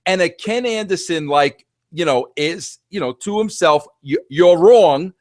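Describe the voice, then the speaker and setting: A man interviewing a guest, asking long questions in a halting, stumbling way. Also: on the high side, lively intonation, no echo, studio quality.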